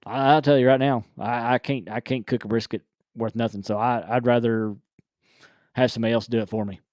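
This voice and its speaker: A man's voice: mid-range voice, fairly even intonation, brisk, darkish tone, no room sound, studio quality. A man hosting a casual live-stream chat, rambling with restarts and frequent laughs. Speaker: podcast host.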